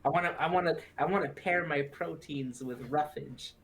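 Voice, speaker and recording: A man's voice: fairly high pitch, moderate pace, creaky, fairly bright tone, slight background noise. A man playing a character in a tabletop game, hesitant, often repeating and restarting his words. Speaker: player. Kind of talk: in-character tabletop role-play.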